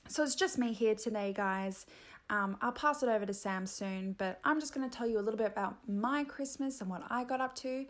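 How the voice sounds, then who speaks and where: A woman's voice: fairly high pitch, fairly quick. An Australian woman hosting a comedy podcast on her own, rambling playfully and mocking herself. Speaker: podcast host. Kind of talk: solo comedy podcast chat.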